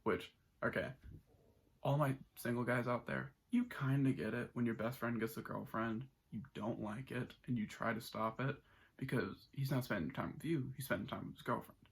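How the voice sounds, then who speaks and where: A man's voice: mid-range voice, steady tone, normal speed, vocal fry, breathy edge. A man giving a casual, enthusiastic spoken movie review, rambling with many restarts.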